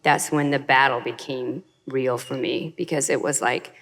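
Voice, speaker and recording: A woman's voice: extremely low pitch, fairly even intonation, normal speed, fairly bright tone, big-room sound. A woman sharing her personal testimony as a guest, telling an earnest story and acting out quoted voices.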